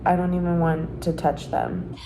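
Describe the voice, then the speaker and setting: In a daily vlog, a woman chats casually with her viewers, dropping in plenty of "like" fillers. Her voice sits fairly low and her delivery is flat, at a normal speed. There's noticeable background noise in the recording.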